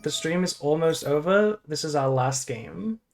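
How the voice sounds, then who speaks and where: A woman's voice: deep voice, expressive, measured pace. A woman streamer casually thinking aloud through a card game, swearing and groaning melodramatically at her bad luck.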